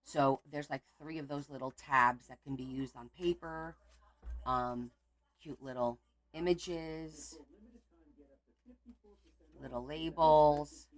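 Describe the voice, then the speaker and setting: A woman with a slightly low voice chats loosely through a crafting video at her home table. She rambles with fillers and flares into exasperated outbursts now and then. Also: fairly bright tone. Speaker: crafting channel host. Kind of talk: casual crafting chat.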